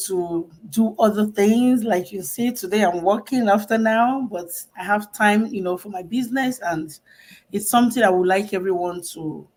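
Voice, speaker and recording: A woman giving an earnest, soft-spoken testimonial as a guest on a live stream. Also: medium pitch. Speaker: guest mentor.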